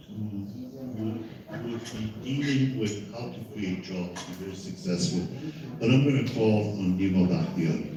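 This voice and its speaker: A man's voice: fairly low pitch, unhurried, a crowd in the background. A man moderating a live panel, talking emphatically and repeating his points, recorded from far off in an echoey hall. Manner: emphatic and repetitive, insistent.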